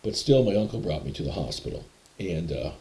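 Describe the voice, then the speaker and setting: A man's voice: low voice, sing-song, a little fast, mellow. A man telling personal stories in a rambling, hesitant, conversational way. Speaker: storyteller. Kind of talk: personal storytelling.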